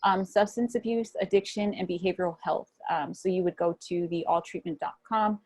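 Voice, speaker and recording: A woman's voice: fairly low pitch, fairly even intonation, a little fast, a little mellow, dry recording. A woman speaking as a guest on a video call, talking loosely and encouragingly with many fillers. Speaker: guest speaker on mental health. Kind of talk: casual video call talk.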